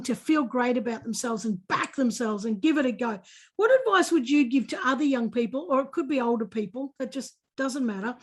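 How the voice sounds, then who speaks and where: Gushing high-voiced Australian woman host. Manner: gushing, repeats herself, talks over guest. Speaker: podcast host. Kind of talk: effusive podcast interview over video call. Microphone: video call.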